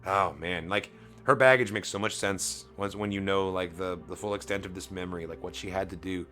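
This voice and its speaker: A man casually commenting as he reads comics aloud on a stream, animated and quick to swear and laugh. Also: deep voice, faint music behind.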